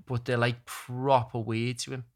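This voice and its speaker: Lively young man. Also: mid-range voice, a little slow. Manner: rambling animated storytelling with British slang. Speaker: storyteller in casual chat. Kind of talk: casual chat.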